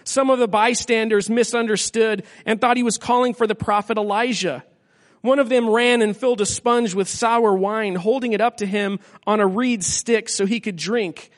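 Man, high pitch, church staff reader, scripture reading, deliberate pauses. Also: steady tone, long reverb tail.

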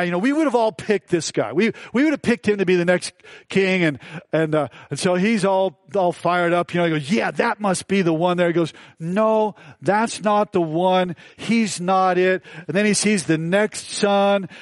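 A man's voice: high-pitched, no echo. A man preaching a sermon as pastor, talking in a conversational, folksy way and acting out quotes. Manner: conversational, folksy, with frequent fillers and acted-out quotes. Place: church.

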